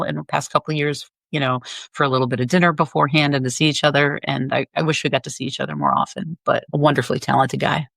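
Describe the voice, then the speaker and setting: A middle-aged woman, a photographer, telling animated stories in a casual interview and acting out quotes with laughter. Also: sits low, gravelly, dry recording. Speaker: photographer guest. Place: her home.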